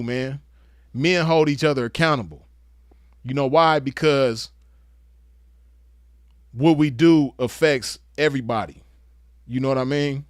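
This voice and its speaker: A man's voice: on the high side, measured pace, no room sound, studio quality. Crude, lecturing male commentator. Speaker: online commentator. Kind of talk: casual commentary rant.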